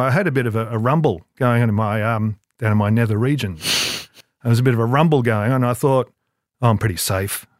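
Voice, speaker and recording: An older man spins a rambling, self-deprecating story, stopping and restarting as he goes. His voice sits at an ordinary middle pitch. The sound is dry and close, with no room around it. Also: no room sound. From Australia. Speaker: guest, advertising creative. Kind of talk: casual anecdote telling.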